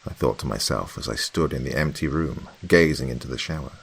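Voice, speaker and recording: A man narrating a first-person horror story in a slow, hushed, dramatic way. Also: rumbling low, gravelly, slightly rough.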